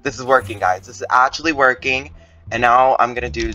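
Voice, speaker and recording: A man giving excited gameplay commentary, his voice jumping high when tense. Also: fairly quick, faint music behind. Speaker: gaming YouTuber.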